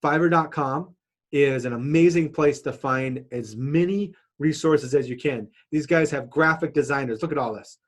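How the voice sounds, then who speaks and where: A man's voice: a little high, normal speed. A man teaching an online marketing course lesson, talking casually with fillers and restarts, sharing his screen. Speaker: marketing instructor.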